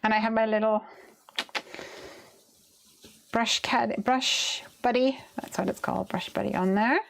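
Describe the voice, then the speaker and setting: A woman with a fairly high, creaky voice speaks unhurriedly while hosting a live card-making stream. She chats casually as she crafts, reads viewer comments aloud, and laughs often.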